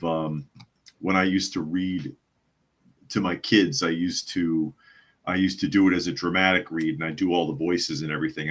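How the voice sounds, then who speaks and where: A man's voice: sits low, a bit bright. A man hosting a live news podcast who reads out viewer comments in a wry, skeptical, chuckling manner. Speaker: podcast host.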